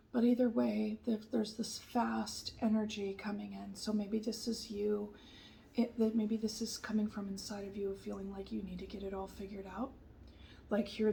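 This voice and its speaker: Gentle gravelly-voiced woman reading tarot. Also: mid-range voice, poor audio. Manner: gentle, reassuring, drifts into whispers; hesitant, many fillers and restarts. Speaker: tarot reader. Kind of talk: soft-spoken tarot reading.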